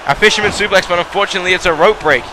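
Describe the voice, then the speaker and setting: A man giving excitable play-by-play commentary on a wrestling match, calling out moves, shouting at the big spots and drifting into rambling asides to the audience. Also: high-pitched, racing, some chatter behind, a little hiss or hum.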